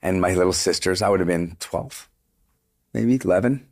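Deep-voiced man telling animated stories. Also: normal speed. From Canada. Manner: animated storytelling, swearing, frequent "like" and "dude". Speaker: guest singer. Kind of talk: casual interview chat.

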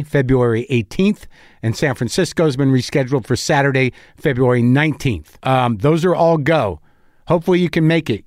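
There's no room sound in this studio-quality clip of a comedian hosting a podcast. His mid-range voice is stuffy, scratchy and a little worn as he rambles casually, loose and profane, often joking about himself.

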